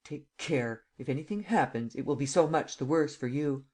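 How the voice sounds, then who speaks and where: A man reading an audiobook and voicing a gruff German count who gives curt, threatening orders. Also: on the high side, moderate pace, darkish tone, lightly acted.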